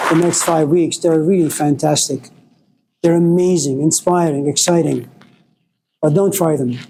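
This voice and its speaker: A man's voice: fairly high pitch, warm tone, slight background noise, low-quality recording. A man giving a storytelling lecture in a wry, dramatic way.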